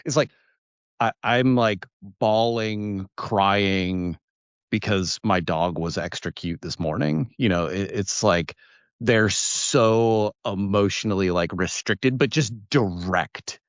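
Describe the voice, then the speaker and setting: A man's voice: lowish voice, slow, smooth, no room sound, dull audio. A man co-hosting a podcast, chatting in a jokey, easygoing way about film and culture. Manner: chatty, jokey, mimics accents in asides. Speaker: podcast co-host. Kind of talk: casual film discussion.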